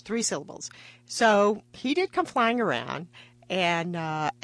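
A woman's voice: mid-range voice, sing-song, slow pace, fairly bright tone, no echo. A woman physician in a radio interview, telling a personal story vividly and acting out the quotes. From part Mexican heritage. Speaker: guest, physician.

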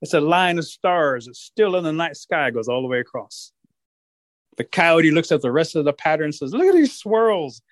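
A man storyteller telling a folktale in a rhythmic, repetitive, animated way. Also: on the high side, normal speed, no echo.

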